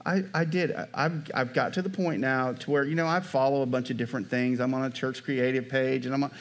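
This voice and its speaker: A pastor preaching a sermon in a conversational way, often checking in with the congregation by asking "Amen?" and "right?". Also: male voice, mid-range voice, fairly even intonation, fairly quick.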